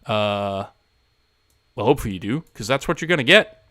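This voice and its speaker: A livestream host chats casually with his viewers, rambling and making self-deprecating jokes. His voice is fairly low yet fairly bright, animated and moderately paced. The sound is clean studio audio with no room sound.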